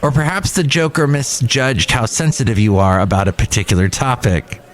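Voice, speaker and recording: This is a man in his fifties hosting a podcast at a cafe, his casual talk wandering and full of restarts. His pitch is medium and he talks at a normal speed.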